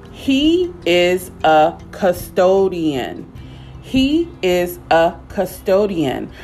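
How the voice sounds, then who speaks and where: A woman teaching a simple English lesson, speaking patiently and repeating words slowly for learners. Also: on the low side, a little mellow. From United States.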